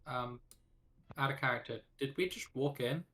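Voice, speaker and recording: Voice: mid-range voice, moderate pace, fairly bright tone. Tabletop player, firm short lines.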